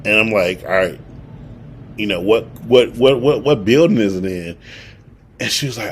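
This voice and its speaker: A man's voice: lowish voice, moderate pace, slight background noise. Young man telling a wild story. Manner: animated storyteller, acts out quotes. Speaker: podcast co-host. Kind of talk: casual storytelling chat.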